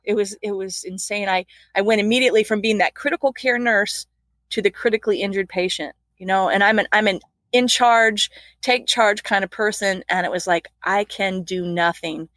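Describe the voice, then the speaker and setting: A woman's voice: mid-range voice, steady tone, brisk, fairly bright tone, dry recording. A middle-aged woman, a flight nurse, earnestly recounting a personal ordeal in an interview, with laughs and restarts.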